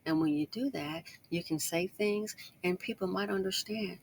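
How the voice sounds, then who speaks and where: A woman giving casual online commentary, talking fast and slangy and repeating points for emphasis. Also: lowish voice, vocal fry, slight background noise. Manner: talks fast, tries to slow herself down. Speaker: YouTube commentator.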